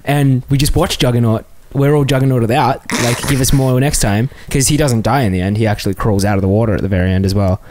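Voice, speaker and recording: A man's voice: medium pitch, fast talker, few pauses, darkish tone, slight background noise. A man, co-hosting a casual podcast chat and ranting with plenty of swearing. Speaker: podcast co-host.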